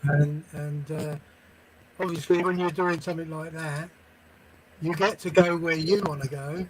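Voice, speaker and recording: A man with a slightly raised voice chatting on a video call, speaking in halting bits that he keeps repeating. A clear crowd murmur runs behind his microphone. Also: fairly high pitch, steady tone, poor audio. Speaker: guest on a video-chat livestream. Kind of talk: casual chat. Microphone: video call, mic level trouble.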